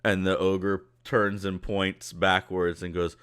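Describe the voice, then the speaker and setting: A man's voice: low voice, flat delivery, normal speed, few pauses, a bit bright. A man narrating a tabletop game as game master, loose and conversational with many fillers.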